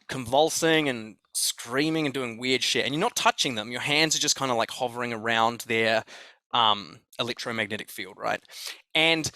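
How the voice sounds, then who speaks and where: An Australian man recounts a story on a podcast, excitable and loose with swear words, circling back and repeating himself. His voice is bright and forward at an average pitch. The recording is dry and close. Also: no echo. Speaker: podcast guest. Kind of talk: conversational storytelling.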